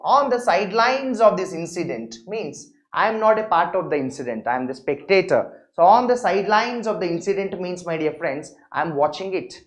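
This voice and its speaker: A woman's voice: lowish voice, lively intonation, brisk, hardly any pauses. A woman with an Indian accent teaching an English vocabulary and grammar lesson, repeating each word and often checking "correct?". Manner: repetitive, often asks "correct?" and "my dear friends".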